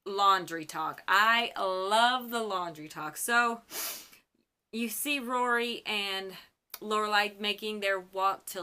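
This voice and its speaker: A young woman from Michigan hosts her own fan channel, recapping an episode in a casual, gushing way. Her voice sits at a middling pitch and has a bright, forward edge. She chats along like an excited fan. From Michigan, US Midwest.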